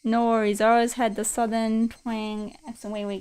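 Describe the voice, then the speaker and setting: Young woman streamer, slightly high-pitched and giggly, casual late-night chat at a home desk mic. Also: flat delivery, normal speed, darkish tone, clean tone. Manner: giggly, laughs often between lines. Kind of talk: casual game livestream chat.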